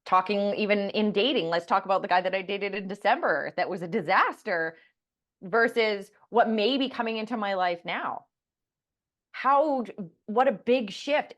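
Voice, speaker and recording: A woman's voice: mid-range voice, moderate pace, a bit bright. A woman co-hosting a spiritual podcast, telling personal stories earnestly in casual chat. She swears casually, and her voice sits in a middle register. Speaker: podcast co-host.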